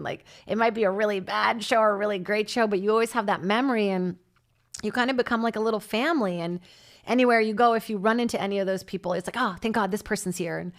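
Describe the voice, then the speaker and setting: A woman comedian from Brazil, podcast host, chatting in a rambling comedic monologue into a studio mic, swearing and jumping between topics. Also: medium pitch. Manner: chatty, swearing, jumps between topics with sudden loud squawks. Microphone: studio mic on a stand.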